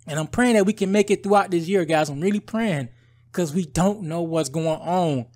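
High-voiced, heated man ranting. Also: moderate pace, darkish tone. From United States. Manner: heated, rambling, says "bro" and "guys" often. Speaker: political commentary vlogger. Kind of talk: casual ranting commentary.

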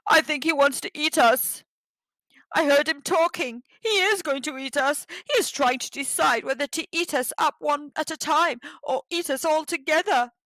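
A woman's voice: high voice, moderate pace, fairly bright tone, dry recording. Timid male snow creature, trembling and pleading, storybook voice, put on by a woman reader. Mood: fearful. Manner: trembling, begging.

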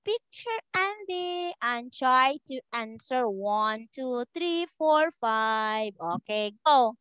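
A woman's voice: high-pitched, expressive, slow pace, fairly bright tone, smooth, no echo, dull audio. A woman English teacher giving an online one-to-one grammar lesson, speaking patiently and repeating words for her learner.

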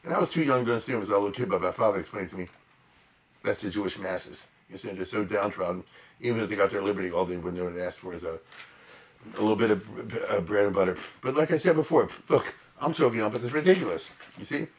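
A man giving an informal storytelling lecture, animated and emphatic, with chatty asides to the audience. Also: on the low side, fast talker. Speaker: lecturer on history.

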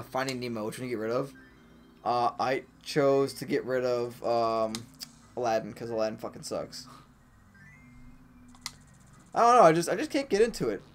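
A man's voice: mid-range voice, slight background noise. A man co-hosting a let's play, giving blunt, crude gameplay commentary. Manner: blunt and crude, with frequent swearing.

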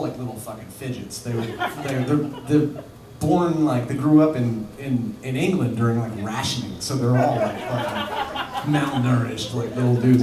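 A man telling a rambling, laughing anecdote on stage at a bar venue, full of fillers and restarts. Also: medium pitch. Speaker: musician telling a story on stage. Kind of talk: live anecdote. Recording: echoey live room from far off with noise.

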